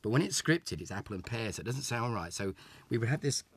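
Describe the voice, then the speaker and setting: Talking fast in a husky, medium-pitched voice with lively intonation, the older English guest recalls his days as a child show actor. His casual interview style is chatty, full of repeated words and restarts.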